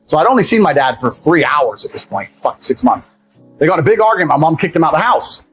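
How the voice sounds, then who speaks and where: Brief: husky, rapid-fire male guest telling a story over faint music, blunt and profane. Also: on the high side, very animated, a bit bright, rough recording. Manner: blunt, profane, rambling anecdotes. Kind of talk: storytelling in a podcast interview.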